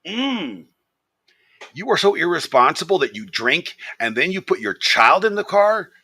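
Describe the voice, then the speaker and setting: A man's voice: a little high, measured pace, breathy edge. A man streaming a live reaction video, ranting angrily with lots of profanity. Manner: angry, profane, animated ranting.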